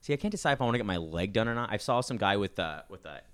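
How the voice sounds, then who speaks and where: A young man with a fairly low voice hosts a podcast and chats casually. He wanders through his stories in a loose, easygoing way, leaning on lots of fillers and restarts. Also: expressive, racing, a bit bright. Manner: rambling, filler-heavy storytelling. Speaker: podcast host. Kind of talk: casual chat.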